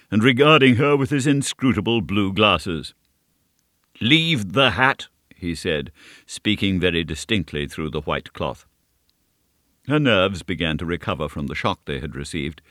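A man reading a classic novel aloud as scripted narration, in a measured, steady storytelling manner. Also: sits low, dry recording, studio quality. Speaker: audiobook narrator.

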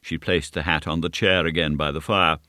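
A man reading a classic novel aloud as scripted narration, in a measured, steady storytelling manner. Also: a bass voice, no echo, clean studio sound. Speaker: audiobook narrator.

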